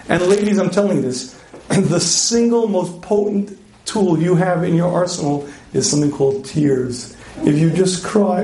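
A middle-aged man giving a joking, animated marriage seminar talk to a live audience, clearing his throat often. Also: high-pitched, moderate pace. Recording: echoey hall.

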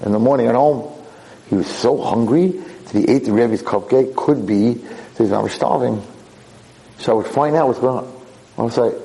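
A man's voice: mid-range voice, moderate pace, vocal fry, mellow, poor audio. A man, a rabbi and teacher, giving a storytelling lecture, acting out dialogue with emphatic repetition.

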